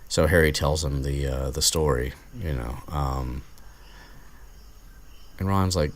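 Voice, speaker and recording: Slow, low-voiced rambling man. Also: slight background noise. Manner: rambling, many fillers and restarts. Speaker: podcast host recapping a book. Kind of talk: casual chat.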